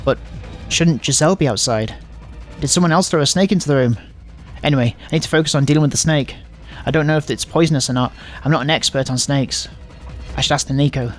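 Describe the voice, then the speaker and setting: A man's voice: on the high side, quick pace, faint music behind. Casual rambling gaming host, a man. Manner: casual, rambling, self-mocking. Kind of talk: let's play of a visual novel, reading dialogue aloud.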